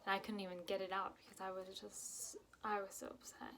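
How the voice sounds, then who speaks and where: Young woman telling a painful story, halting. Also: mid-range voice, flat delivery, fairly bright tone, slight background noise. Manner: emotional, halting, many fillers and restarts; drops to whispers at painful moments. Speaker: vlogger telling her own story. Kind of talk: personal storytelling to camera.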